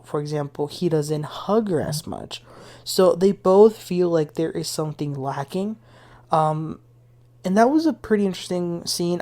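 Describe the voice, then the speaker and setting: Woman, deep voice, casual reality TV recap host, chatty, opinionated. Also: a little mellow. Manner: chatty, retells scenes with opinions and asides.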